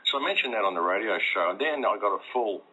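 Low, bright-edged man with a husky voice. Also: animated, quick pace, lo-fi sound. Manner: rambling, with many restarts. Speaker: radio show guest. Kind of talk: casual conversation.

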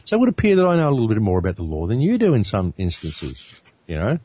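Fast-talking blunt man. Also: fairly low pitch, wildly swooping pitch, warm tone, slight background noise. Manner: blunt, rambling, repeats words. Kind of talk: casual talk show chat. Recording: muffled dry lo-fi recording.

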